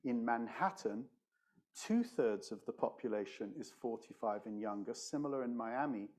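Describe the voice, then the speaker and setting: A man on a conference panel who speaks in a measured way and slows down to stress his points. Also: medium pitch, lively intonation, a little mellow. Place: conference stage.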